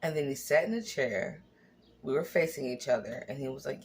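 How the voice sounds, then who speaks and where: A woman's voice: very deep voice, brisk, slight background noise. A woman in her forties, telling a personal story on a vlog in a candid, blunt, sometimes profane way, acting out what people said. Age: 40s. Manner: candid, blunt, profane, animated, acts out quotes. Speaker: vlogger.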